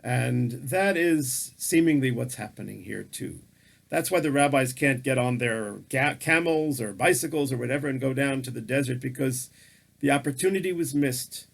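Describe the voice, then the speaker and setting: Male religious teacher, sermon delivery, husky gravelly voice, animated storyteller. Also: mid-range voice, normal speed. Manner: animated storytelling with acted quotes. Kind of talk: sermon-style lecture.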